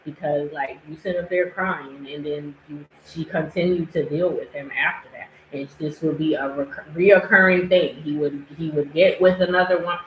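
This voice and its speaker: A woman's voice: deep voice, normal speed, hardly any pauses, muffled recording, slight background noise. A woman hosting a podcast, chatting casually about a reality show clip and acting out what people said. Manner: animated, laughing, acting out quotes. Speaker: podcast host. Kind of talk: casual commentary chat. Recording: echoey room.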